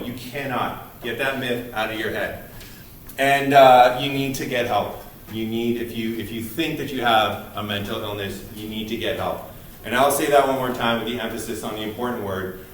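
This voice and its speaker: A man's voice: medium pitch, a bit bright. A man lecturing a class in an earnest, emphatic way, often restarting his sentences as he goes. His voice sits in a middle range and is picked up from a distance. A strongly echoing room and a faint background hiss surround him. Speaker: university lecturer. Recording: distant mic in an echoey room.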